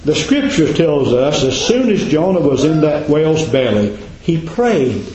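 A man preaching a sermon as a pastor, repeating his points and dropping to a low, hushed voice for emphasis. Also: big pitch swings, normal speed, slight background noise. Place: church. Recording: echoey, dull church recording.

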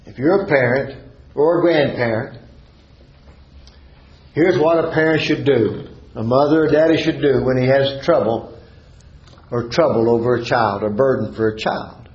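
A man's voice: fairly high pitch, a little slow, darkish tone, roomy sound, lo-fi sound. A male preacher, preaching a sermon in a fervent cadence and repeating phrases for emphasis.

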